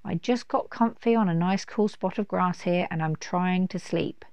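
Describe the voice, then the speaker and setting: A woman voicing a big, lazy, sly male dragon in a storybook, with a low, gravelly voice and a grumbling drawl. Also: moderate pace, a little mellow, no room sound, dull audio. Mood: grumpy.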